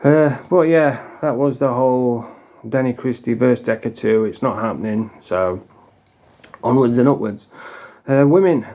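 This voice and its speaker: A man's voice: medium pitch, normal speed, warm tone. A middle-aged man with a Yorkshire accent, ranting bluntly and swearing freely in a monologue vlog. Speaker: vlogger.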